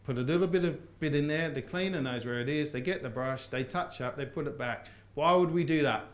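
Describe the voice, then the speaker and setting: A man's voice: on the high side, fairly quick. A man teaching a live property seminar, quizzing his audience in call-and-response. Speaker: property course trainer. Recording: roomy seminar hall sound.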